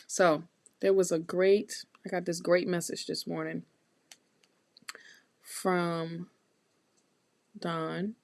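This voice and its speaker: Slow, encouraging woman reading tarot live. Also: fairly low pitch, little pitch movement, creaky, no echo. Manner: warm, encouraging, talks straight to viewers with repetitions; loose, chatty phrasing with restarts. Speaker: tarot reader hosting a live stream.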